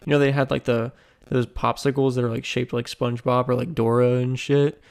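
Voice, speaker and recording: A man's voice: medium pitch, level tone, fairly quick, gravelly, a little mellow. A young man co-hosting a podcast in casual chat, teasing and loose. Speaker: podcast co-host.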